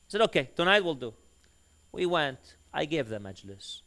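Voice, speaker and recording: Animated male preacher telling a story. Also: a little high, a little slow, gravelly, pauses often. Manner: animated storyteller who acts out quoted dialogue. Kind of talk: storytelling sermon.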